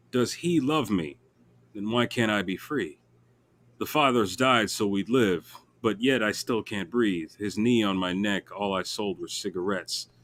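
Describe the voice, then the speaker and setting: A man with a lowish voice reads a poem aloud, slowly and with measure. He is a co-host on a sports talk show. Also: fairly bright tone. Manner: slow, measured reading.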